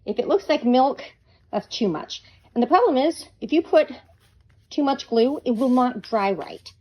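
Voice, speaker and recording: Bubbly craft teacher, woman with a slightly high voice, playful and chatty. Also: animated, moderate pace, mellow, poor audio. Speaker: craft tutorial host. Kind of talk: hands-on craft demonstration.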